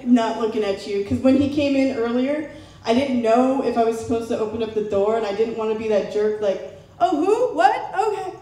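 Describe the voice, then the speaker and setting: A woman's voice: on the high side, steady tone, brisk, warm tone. A young woman from Southern California doing a chatty, playful stand-up routine at a live show. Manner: chatty, playful, acts out family members' voices. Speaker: stand-up comedian. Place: live comedy show in a large room. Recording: very echoey room with faint background noise.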